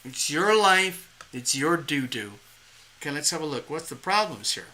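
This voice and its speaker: Super bright tense-sounding tarot reader doing a live reading, rambly, acting out little voices. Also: mid-range voice, moderate pace. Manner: animated, rambling, acts out inner voices; laughs at own jokes.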